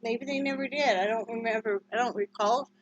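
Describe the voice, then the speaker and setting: A woman from Wyoming talks in a slightly high voice, rambling through a casual home vlog and slipping into cooing baby talk with her dog. She sounds short on sleep. The recording is dull and lo-fi, as if made on a home device. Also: fairly quick. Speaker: vlogger.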